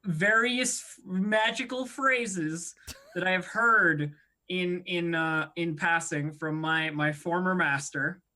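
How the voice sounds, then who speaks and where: Tabletop player, bright voice, joking, self-mocking. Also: medium pitch, slow pace. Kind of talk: playing a tabletop game.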